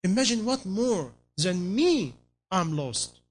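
A man's voice: high-pitched, sing-song, slow pace. A man preaching a sermon in non-native English phrasing, pressing his listeners with repeated rhetorical questions.

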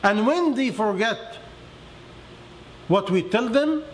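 A man with a high voice delivers a sermon in non-native, simplified English. He swings dramatically between raised, high emphasis and low, heavy lines. A faint hiss of background noise runs under the recording. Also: lively intonation, slow pace. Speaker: religious teacher.

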